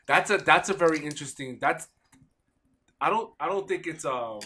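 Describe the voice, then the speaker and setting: A man hosting a casual podcast, teasing his co-host with quick jokes. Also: a little high, animated, bright, forceful tone, slight background noise. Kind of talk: casual chat. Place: home basement studio.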